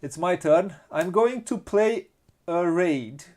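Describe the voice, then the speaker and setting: This man talks in a slightly high voice with a Romanian accent. He plays a board game at an unhurried pace, counting pieces and reasoning through each move out loud. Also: lively intonation. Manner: thinks aloud, counts pieces, many restarts. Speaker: board game channel host. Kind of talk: casual board game playthrough.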